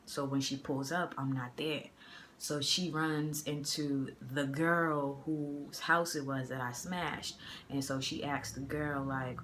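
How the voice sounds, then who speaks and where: A woman's voice: very deep voice, flat delivery, a little slow, a bit bright, slight background noise. A woman from the area, telling a story in a casual storytime vlog. She talks in a loose, chatty way full of fillers and slang, recorded on a phone. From Boston area. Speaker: vlogger. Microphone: phone camera.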